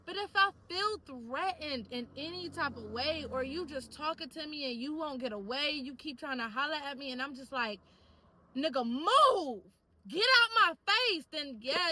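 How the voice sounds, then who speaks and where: A young woman vlogs casually, telling stories in a lively, slang-filled way. Her voice sits high and sounds bright and forward. She talks straight to her viewers like a friend. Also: fairly quick, hardly any pauses, a little hiss or hum, rough recording. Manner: animated, chatty storytelling with lots of slang. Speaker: vlogger. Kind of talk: casual talk to camera.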